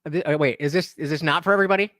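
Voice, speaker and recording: A man live streaming, chatting casually with his audience, hyped and shouty, profane, dropping to mumbled asides. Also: on the high side, rapid-fire, no room sound, clean studio sound.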